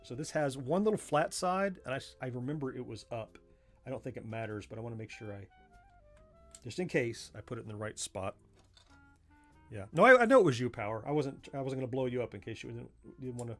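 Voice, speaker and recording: A man born in southern Florida to a Missouri family speaks with a Southern US accent while hosting a livestream and pulling apart a joystick. His mid-range, slightly mellow voice carries folksy, self-mocking commentary as he chuckles and thinks out loud at work.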